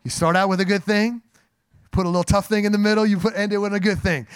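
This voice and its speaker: High-voiced preacher. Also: male voice, fast, smooth. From New Jersey. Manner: animated and joking, addresses the congregation directly. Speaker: pastor. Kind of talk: sermon. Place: church sanctuary.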